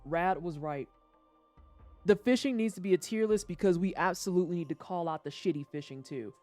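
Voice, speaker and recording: A livestreamer chatting casually over a video game, joking and swearing, with sudden high-pitched outbursts. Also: fairly quick, a little mellow, dry recording, faint music behind. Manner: chatty storytelling aside while playing. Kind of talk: casual gameplay commentary.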